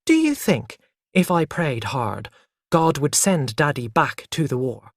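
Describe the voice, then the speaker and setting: A storyteller voicing an eager, jealous small boy who asks questions in a high, insistent voice. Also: big pitch swings, unhurried, no room sound, studio quality.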